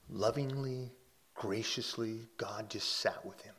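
A man giving a conversational sermon as a pastor. He often restarts his phrases and checks in with "right?", swelling louder on key points and dropping soft and quiet on calm lines. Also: mid-range voice, measured pace.

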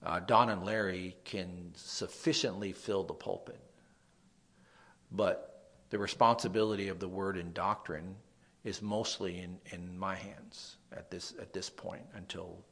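A young man with a nasal voice, a pastor preaching a sermon, dropping to soft asides and rising to loud emphasis. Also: low-pitched, fairly even intonation, unhurried.

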